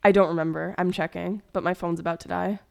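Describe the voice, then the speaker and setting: Rambling young woman streamer, smooth voice. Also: fairly low pitch, steady tone, quick pace. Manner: rambling, hurt storytelling with many fillers and restarts. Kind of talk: casual stream chat.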